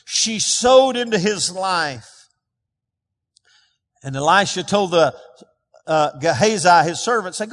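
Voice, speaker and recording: A man's voice: high voice, expressive, slow pace, long pauses, fairly bright tone. A man preaching a sermon as pastor, emphatic and calling on the congregation to respond. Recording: long reverb of a large hall.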